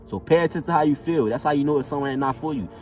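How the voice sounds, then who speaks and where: A man's voice: on the high side, very fast, darkish tone, distant mic, faint music behind. A man giving a casual, emphatic motivational monologue, repeating himself and checking in with "know what I'm saying". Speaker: motivational vlogger.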